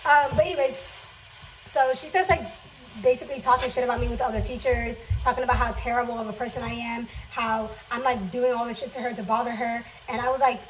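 A young woman telling a chatty, fast storytime while cooking in her kitchen, swearing freely. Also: on the high side, fairly even intonation, distant mic, a little hiss or hum, rough recording. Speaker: vlogger. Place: home kitchen.

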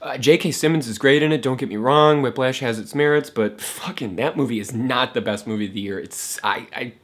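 A man ranting casually about films, swearing a lot and mocking what he dislikes, with many fillers and restarts. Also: medium pitch. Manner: profane, fast, scornful, many fillers and restarts; mocks characters in a raised voice. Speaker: film vlogger. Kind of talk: casual rant to camera.

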